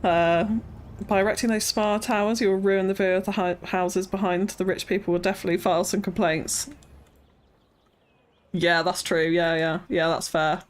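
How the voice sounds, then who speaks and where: A woman's voice: fairly low pitch, flat delivery, moderate pace. A British woman live-streaming a city-building game, thinking aloud and chatting with viewers, often breaking into nervous laughs. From Britain. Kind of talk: casual live-stream chat while building.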